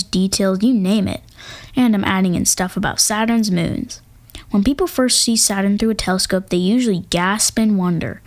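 Playful woman hosting an astronomy talk. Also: mid-range voice. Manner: playful, jokey asides, hums drum rolls. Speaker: podcast host. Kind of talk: casual educational narration. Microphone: home microphone.

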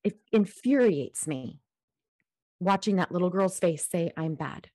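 A woman co-hosting a casual podcast, telling stories in an animated, emphatic way. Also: on the low side, measured pace, no room sound, studio quality. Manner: animated storyteller, emphatic, emotional. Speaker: podcast co-host.

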